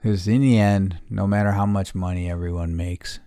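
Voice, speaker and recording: Profane low-voiced man hosting a podcast. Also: steady tone, normal speed, clear, resonant tone, no room sound, clean studio sound. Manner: profane, swings between reflective and loud ranting. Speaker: podcast host. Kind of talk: casual chat.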